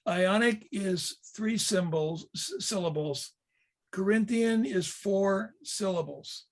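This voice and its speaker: A man with a fairly high voice walks listeners through photos in a Bible history class, pausing on fillers and restarting phrases as he explains. He talks like a tour leader preparing a group for a trip, steady and explanatory. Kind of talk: slide-based Bible history lesson.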